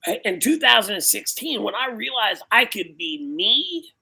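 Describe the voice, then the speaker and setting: A man's voice: high-pitched, very animated, normal speed, vocal fry, pushed and bright, husky, poor audio. A pastor speaking casually and animatedly, dropping "man" and "you know" into nearly every sentence. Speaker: pastor and biker ministry guest. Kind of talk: casual conversation.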